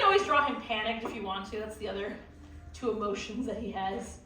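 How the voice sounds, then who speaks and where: A woman's voice: mid-range voice, quick pace, sharp tone, a little hiss or hum. A young woman who teaches art, leading a live drawing class, chatty and playful, with lots of fillers. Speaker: art instructor. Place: theme park art classroom with audience. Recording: echoey room from far off.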